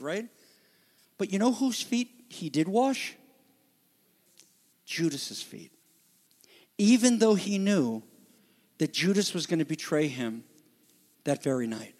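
A male pastor delivers a sermon in a rather high voice. He preaches with passion, rising to loud emphatic peaks and dropping to hushed, almost whispered lines. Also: expressive, slow pace, pauses often. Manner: impassioned, swings between loud emphasis and hushed near-whispers.

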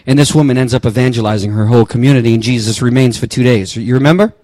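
Impassioned storytelling preacher, dry sound. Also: male voice, mid-range voice, racing, dry recording. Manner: storytelling preacher, swings from quiet to impassioned near-shouting. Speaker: pastor. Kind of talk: sermon.

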